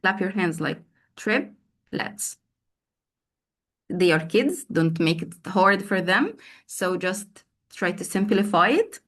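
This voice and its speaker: Woman, teacher trainer, slow unhurried delivery, drills words by repeating them, video call. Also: lowish voice, animated, a bit bright. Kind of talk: online teacher training session.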